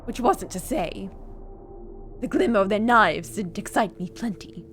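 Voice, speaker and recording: A woman reading a cold, calm young man who craves violence, in an even, measured voice while reading a game aloud. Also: medium pitch, faint music behind.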